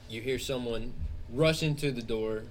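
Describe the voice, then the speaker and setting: A man's voice: medium pitch, measured pace, a little hiss or hum. A man narrating a tabletop game as game master, joking and laughing as he goes.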